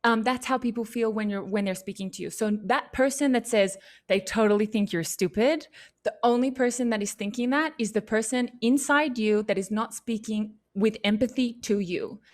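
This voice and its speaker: A woman's voice: fairly high pitch, normal speed. Upbeat, chatty woman answering questions. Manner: animated, chatty, lots of "like" and "you know"; encouraging and upbeat. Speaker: youth leadership session speaker.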